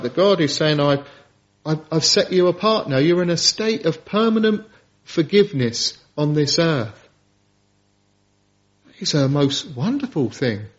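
Earnest male preacher, lo-fi recording. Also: on the high side. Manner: earnest, emphatic preaching with long lists and quoted scripture. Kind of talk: evening sermon.

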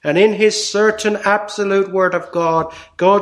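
Guy preaching a sermon real slow, higher voice, leans on each phrase. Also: steady tone. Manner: slow, deliberate preaching with emphatic pauses.

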